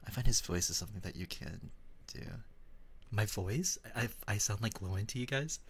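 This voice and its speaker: A young man from the Philippines chatting with his chat in a soft, whispered role-play style, giggling often. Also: lowish voice, a little fast, slight background noise. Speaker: streamer.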